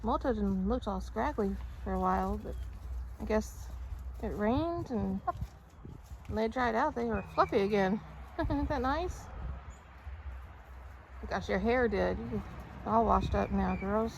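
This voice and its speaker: A woman vlogging casually outdoors in her backyard, cooing at her pets and turkeys in high baby talk. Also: takes it slowly, creaky, long pauses, a little hiss or hum. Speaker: backyard poultry keeper vlogger. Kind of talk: casual vlog chat.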